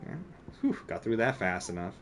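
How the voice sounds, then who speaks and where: Low-voiced man rambling through a game stream. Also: normal speed, a little hiss or hum. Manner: rambling and self-deprecating, heavy with filler words. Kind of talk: casual gameplay commentary.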